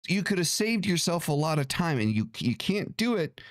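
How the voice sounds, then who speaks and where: A man's voice: a little high, big pitch swings, normal speed, dry recording, clean studio sound. A man hosting an occult livestream, ranting in a casual, profane, irritated way, with many restarts.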